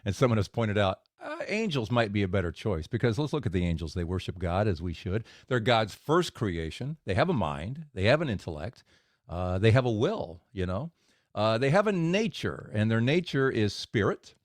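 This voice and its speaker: A man hosting a faith podcast, retelling stories and explaining scripture in a relaxed, explanatory way. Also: fairly low pitch, normal speed, no echo, clean studio sound. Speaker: podcast host. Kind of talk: faith podcast storytelling and commentary.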